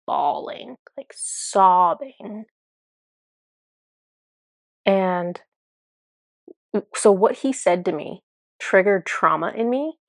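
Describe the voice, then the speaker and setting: This is a young woman who speaks in a low voice. She recounts her channeling session in a casual, earnest way and uses many fillers. The sound is dry and close. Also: no echo. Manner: earnest, fast, with frequent "like" fillers. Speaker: spiritual channeler.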